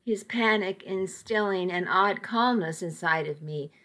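A woman narrating a novel in the first person, measured and intimate. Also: mid-range voice, fairly bright tone. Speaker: audiobook narrator.

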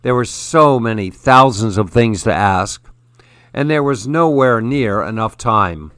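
A man narrating a story in the first person, in a measured, earnest way. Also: medium pitch, expressive, a bit bright, clear, resonant tone, dry recording, studio quality. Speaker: audiobook narrator.

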